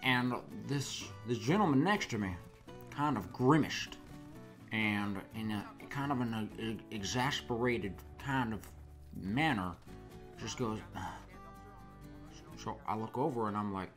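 A man telling a comic story in a deadpan, mock-folksy way, rambling and restarting often. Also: lowish voice, slow, faint music behind. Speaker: comedic storyteller.

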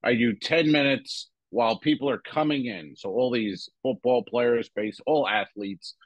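A stand-up comedian co-hosting a podcast, telling a rambling backstage anecdote full of crude jokes. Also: male voice, mid-range voice, unhurried, dry recording, poor audio. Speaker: podcast co-host. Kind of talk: casual storytelling.

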